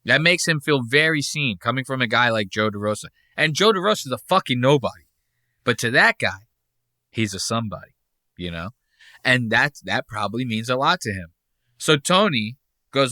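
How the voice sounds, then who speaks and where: A man's voice: medium pitch, expressive, moderate pace, sharp tone, no room sound, studio quality. A man hosting a podcast, giving crude, mocking, rambling commentary in a casual tone. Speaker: podcast host.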